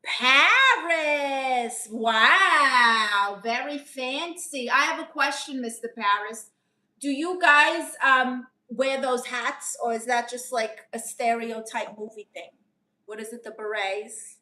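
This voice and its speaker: A woman's voice: a little high, takes it slowly, bright, forceful tone, heavily acted. A woman playing a brash, teasing aunt who calls herself a therapist, chatting with her audience and calling them honey. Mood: sassy. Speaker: live-stream comedian answering chat. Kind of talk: improvised live-stream character comedy.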